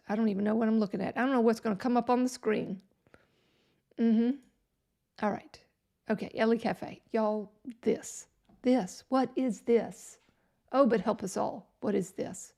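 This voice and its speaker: Woman host, gravelly, sarcastic, muttering to herself on a live stream. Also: a little high, steady tone, measured pace, mellow. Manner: sarcastic, exasperated, talks to herself. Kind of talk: casual live stream chat.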